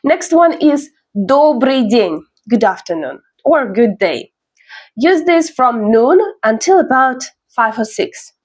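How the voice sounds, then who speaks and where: Woman teaching, slow and careful. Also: fairly high pitch, big pitch swings, a little mellow. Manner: slow, careful pronunciation drills; explains in English, models phrases slowly for repetition. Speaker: language teacher. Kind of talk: beginner language lesson.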